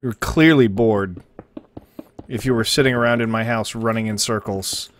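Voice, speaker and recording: A man's voice: fairly low pitch, normal speed, slight background noise. A man hosting a live stream, reacting to viewer links with sarcastic, swearing commentary that sometimes turns mock-preachy.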